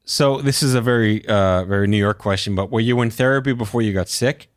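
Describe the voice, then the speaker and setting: A man hosting a podcast interview who talks quickly with a wry, joking manner. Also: fairly low pitch, no room sound, studio quality. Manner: fast-talking, wry. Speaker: podcast host. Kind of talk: casual interview chat. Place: podcast studio.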